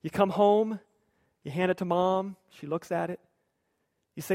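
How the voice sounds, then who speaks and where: A pastor preaching a sermon in a conversational, lightly humorous storytelling manner. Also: male voice, high-pitched, unhurried, creaky, darkish tone, no echo, studio quality.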